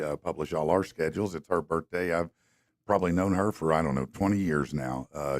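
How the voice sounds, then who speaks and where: Deep-voiced man hosting a morning show. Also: no room sound, clean studio sound. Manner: upbeat, loose, drawn-out fillers. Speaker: radio show host. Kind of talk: casual morning show chat. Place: studio. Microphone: studio mic.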